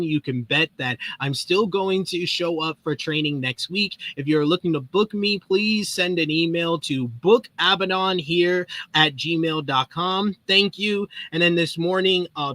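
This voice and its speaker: A man's voice: on the high side, sharp tone, no room sound. A man hosting a wrestling podcast, chatting casually over a call and reading news items in an upbeat, rambling way with stumbles and restarts. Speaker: podcast host.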